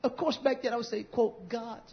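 Fiery high-voiced male preacher, lo-fi. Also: steady tone, normal speed. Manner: fiery, scolding, swings between shouted and hushed lines. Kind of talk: fiery sermon. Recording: dull lo-fi recording.

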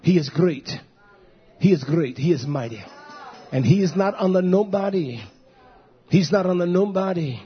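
A male pastor preaching a fiery sermon, swinging from shouted swells to low muttered asides. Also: animated, moderate pace, long pauses. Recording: dull lo-fi recording.

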